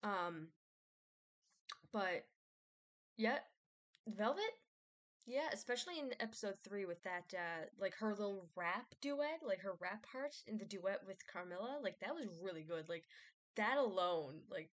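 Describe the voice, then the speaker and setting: A woman's voice: medium pitch, animated, measured pace, long pauses. A woman vlogger rambling casually, with many fillers, restarts and self-doubt.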